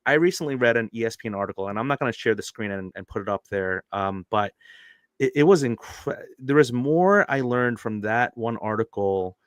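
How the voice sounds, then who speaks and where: A man's voice: medium pitch, animated, moderate pace, no echo, studio quality. A man hosting a live-streamed podcast, chatty and hesitant with many fillers and restarts. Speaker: podcast host.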